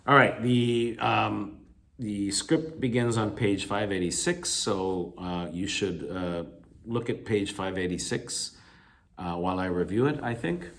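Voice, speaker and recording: This man's voice is on the low side, unhurried, creaky and a bit bright. He is an English teacher delivering a recorded video lecture, using many fillers and self-corrections while stressing the key points. He comes across as emphatic and encouraging.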